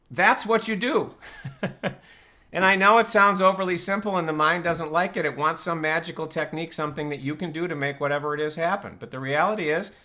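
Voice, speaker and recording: Bright-voiced man teaching on a live show. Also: a little high. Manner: conversational, explaining with rhetorical questions. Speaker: host and personal-growth teacher. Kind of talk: live online Q&A talk.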